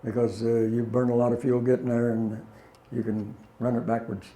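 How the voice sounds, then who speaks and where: A man's voice: mid-range voice, little pitch movement, moderate pace, dark tone. An older man, a former pilot, telling plainspoken, folksy stories to an audience, chuckling at his own punchlines. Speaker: guest speaker, former pilot. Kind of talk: anecdotal talk to an audience. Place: meeting hall. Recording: roomy hall echo.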